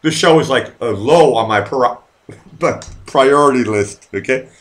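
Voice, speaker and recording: Speaking at a measured pace in a mid-range voice, this man runs his own live stream. He drinks while rambling to his audience, addresses the chat directly and swears a lot in this casual chatter.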